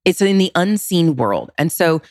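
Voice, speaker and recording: A woman with a low voice explains relationship advice in a podcast interview. She talks expressively, jumping up in pitch for emphasis. The sound is dry and close. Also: sing-song, normal speed, a little mellow, dry recording. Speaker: relationship consultant.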